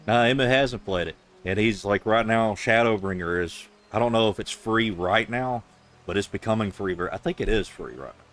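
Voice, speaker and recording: A man's voice: on the low side, normal speed, fairly bright tone. A man with a Southern US accent, streaming a game and reading its dialogue aloud with sarcastic, offhand commentary.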